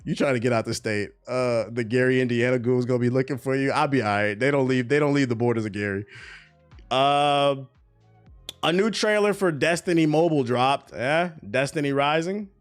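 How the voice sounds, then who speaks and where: A man's voice: medium pitch, normal speed, clean tone, faint music behind. A man hosting a livestream, ranting bluntly and profanely in casual chat to his viewers, often breaking into laughter. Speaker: livestream host.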